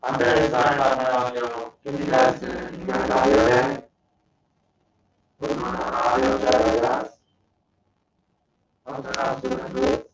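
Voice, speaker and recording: A man's voice: medium pitch, lively intonation, unhurried, gravelly, pauses often. A man hosting a casual live stream, joking around and reading silly tweets aloud while apologizing for his bad audio. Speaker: host. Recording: roomy, muffled, distant home-stream mic with faint background noise.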